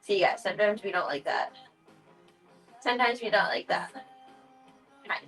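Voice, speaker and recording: A woman's voice: medium pitch, moderate pace, fairly bright tone, soft background music, low-quality recording. Playful woman cooing at her cats. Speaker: livestreamer. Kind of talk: casual livestream chat.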